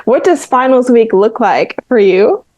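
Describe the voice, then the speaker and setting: A young woman hosting a casual podcast, asking questions in a relaxed, affirming way. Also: on the high side, a little slow. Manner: relaxed, affirming, asks questions at an easy pace. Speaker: podcast host.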